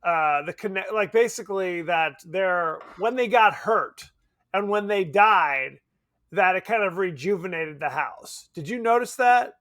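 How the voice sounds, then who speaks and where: A man's voice: high voice, animated, a little slow, fairly bright tone, dry recording, clean studio sound. A man co-hosting a podcast, chatting casually and animatedly about a horror film, laughing and swearing. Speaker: podcast co-host.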